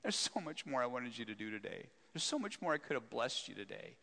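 A man voicing God as a gentle, eager guide who coaxes and calls out, in an echoey hall. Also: medium pitch, big pitch swings, fairly quick, vocal fry, full character voice. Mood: wistful. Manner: coaxing, calling out urgently.

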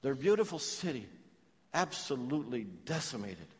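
A middle-aged man preaching a sermon, swinging from loud declarations to hushed, heavy phrases. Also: mid-range voice, very animated, normal speed, big-room sound. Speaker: pastor.

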